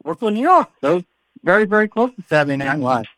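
A man's voice: high-pitched, big pitch swings, fast, fairly bright tone, no room sound. A man hosting a podcast in casual, playful banter, joking and often repeating his words. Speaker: podcast host.

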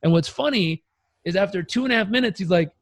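A man coaching as a podcast guest, telling stories in an energetic, emphatic and casually profane way. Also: high-pitched, fast talker. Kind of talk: podcast interview storytelling.

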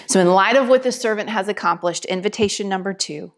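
A woman giving a sermon and reading a story aloud in an expressive storytelling manner. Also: mid-range voice, normal speed. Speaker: preacher or teacher.

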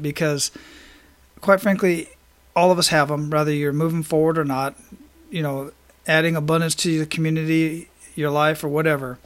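Affirming male interview host. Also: fairly high pitch. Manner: affirming, thinks aloud with restarts. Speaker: podcast host. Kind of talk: conversational interview.

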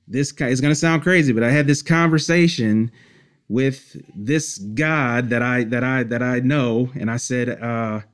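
A man from Detroit, a musician guest, telling childhood memories in a relaxed, rambling interview, with many fillers and short laughs. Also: medium pitch, unhurried, clear, resonant tone. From Detroit, United States. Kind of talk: casual storytelling interview.

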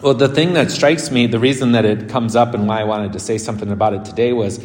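Chatty priest in an echoey church. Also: male voice, mid-range voice, quick pace. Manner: chatty and animated, with frequent laughing asides. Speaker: Catholic priest. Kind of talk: conversational homily. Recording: echoey church with long reverb.

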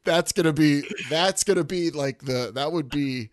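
Animated, profane man hosting a podcast. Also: normal speed, no room sound, studio quality. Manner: animated, profane, jokey, jumps up in pitch when excited. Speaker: podcast host. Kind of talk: casual wrestling podcast chat.

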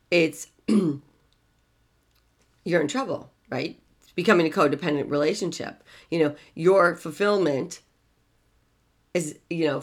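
A woman relationship coach giving an unscripted advice monologue, emphatic, repeating key words and swinging from soft to loud. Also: low voice.

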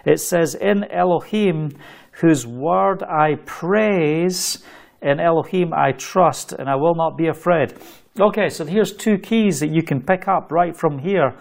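A man's voice: on the high side, measured pace, creaky. A Scottish man preaching a sermon, exhorting listeners fervently with jokey asides.

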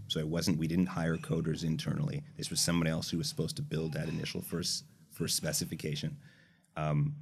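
A man with a Canadian accent, a startup founder explaining his early product journey in casual podcast talk. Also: extremely low pitch. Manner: earnest, explanatory, some restarts.

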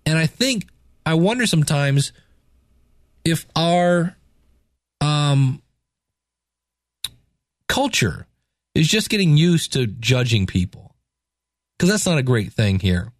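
A man preaching, reading scripture slowly and breaking into casual, chatty asides to explain it. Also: fairly high pitch, very animated, dry recording, studio quality. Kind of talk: Bible reading and teaching.

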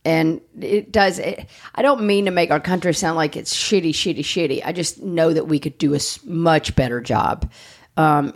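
Low-voiced blunt woman host. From United States. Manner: blunt, joking, swears freely. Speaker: podcast host. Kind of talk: casual chat.

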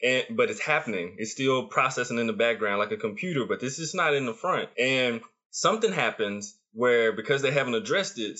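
A man hosting a casual talk explains an idea at an even pace, circling back on his phrases to drive the point home. His voice is mid-pitched, and the audio has a dull, lo-fi tone. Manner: explains calmly, repeats phrases for emphasis. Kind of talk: casual chat, explaining a concept.

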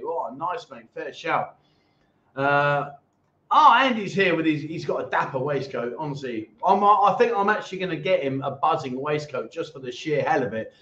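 A man's voice: high-pitched, fairly bright tone. A man hosting a casual livestream, chatting and joking with viewers as he reads their comments. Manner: chatty, jokey banter with viewers. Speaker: livestream host. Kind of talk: casual live chat reading comments. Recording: echoey room, dull lo-fi sound.

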